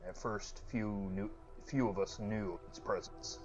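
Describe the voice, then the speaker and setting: A man's voice: lowish voice, steady tone, measured pace, close to an everyday voice. A man voicing a formal, gracious male temple priest with archaic, storytelling speech, in a lo-fi let's-play recording. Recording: lo-fi with game music behind.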